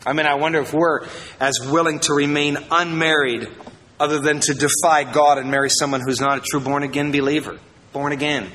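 Pastor guy from iowa preaching, animated, jokey, fairly high voice, big hall echo. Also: brisk, slight background noise. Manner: animated, jokey asides, swings between loud and quiet. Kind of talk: sermon.

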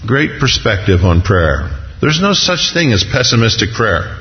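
A man's voice: very animated, a little slow. A man preaching a sermon, reading scripture aloud and then explaining it, acting out the voices of the people in the story. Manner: reads scripture then expounds, acting out voices with rising pitch. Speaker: pastor. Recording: dull, lo-fi sound with long hall reverb.

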